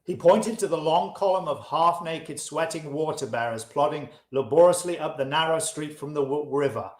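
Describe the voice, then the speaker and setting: A man's voice: fairly high pitch, normal speed, a little mellow. A man hosting a live reading, narrating the story plainly between the characters' lines. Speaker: host reading aloud. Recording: roomy echo.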